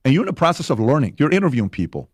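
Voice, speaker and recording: A man's voice: mid-range voice, big pitch swings, very fast, dry recording, clean studio sound. Emphatic man giving advice. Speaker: podcast host in clip. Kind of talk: podcast monologue.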